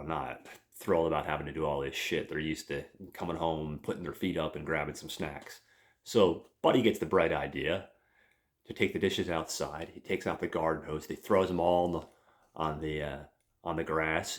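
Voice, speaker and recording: A man, a podcast host, retelling a comic book plot in a rambling, casual way with lots of fillers and swearing. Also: a bass voice. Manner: rambling, profane, many fillers.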